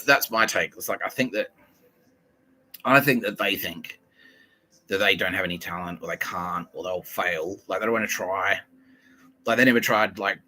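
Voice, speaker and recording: A man's voice: sits low, sharp tone, a little hiss or hum, poor audio. A man hosting a podcast, ranting in a sweary, rambling monologue. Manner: sweary, ranting, quotes people in put-on voices. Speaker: podcast host.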